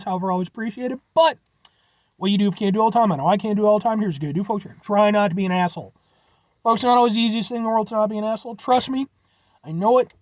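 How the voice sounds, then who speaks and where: A man's voice: high voice, no echo, highs cut off. A man reviewing snacks on his vlog, rambling and joking, swearing casually as he signs off. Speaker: food review vlogger.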